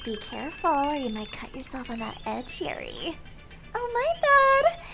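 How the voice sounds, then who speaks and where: A woman's voice: on the high side, normal speed, vocal fry, loud music behind the voice, pitched below the performer's own voice. A woman playing a snappy, bratty teen girl. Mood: bratty taunting. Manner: snappy, mocking.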